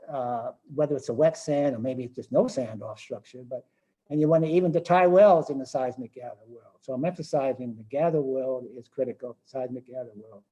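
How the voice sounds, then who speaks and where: Older man giving a halting technical lecture. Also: fairly high pitch, warm tone, muffled recording. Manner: thinking aloud with frequent restarts and fillers. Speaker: presenter.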